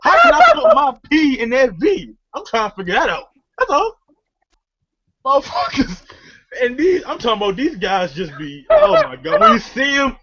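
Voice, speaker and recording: A man's voice: very high-pitched, moderate pace, lo-fi sound. A man, co-hosting a podcast in a profane, comedic rant full of laughter. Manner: profane, animated ranting with frequent laughter. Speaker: podcast co-host.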